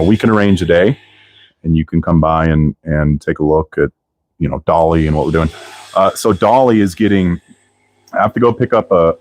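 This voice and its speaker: A man with a low, deep voice chatting casually on a live stream as he works in his garage. His talk is loose and full of swearing. The sound is dry and close, with little room echo. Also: darkish tone. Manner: loose, profanity-heavy shop talk. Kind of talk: casual live-stream chat while working. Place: car restoration garage.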